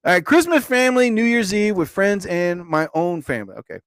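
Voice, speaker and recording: A man's voice: high-pitched, very animated, brisk, few pauses, a bit bright, clear, resonant tone, no room sound. A man hosting a casual live stream, rambling and joking as he talks to his viewers.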